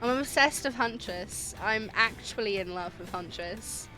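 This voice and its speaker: Giggly bright-voiced woman streamer. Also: mid-range voice, measured pace, faint music behind. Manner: giggly and chatty, reacting loudly; thanks viewers for gifted subs. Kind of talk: casual livestream chat while playing a dating game.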